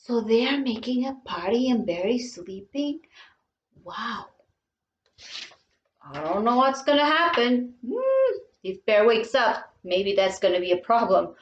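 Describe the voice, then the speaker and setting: A woman reading a picture book aloud to children in a bilingual lesson, gasping and asking questions as she goes, in an expressive way. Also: medium pitch, measured pace. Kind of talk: bilingual storybook read-aloud. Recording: roomy, dull lo-fi sound.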